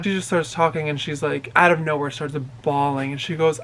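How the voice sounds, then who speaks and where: Young male vlogger, high bright voice, animated storytelling. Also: fairly quick, hardly any pauses. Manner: animated, dramatic storytelling with many quoted voices. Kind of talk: storytime vlog.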